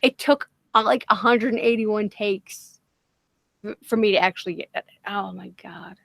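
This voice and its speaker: A young woman with a slightly boyish, nasal voice chats on a livestream. She is animated and self-mocking and swears freely. Her voice sits mid-range and sounds dry and close to the mic. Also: medium pitch, normal speed, creaky, no echo. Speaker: livestream co-host. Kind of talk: casual livestream chat.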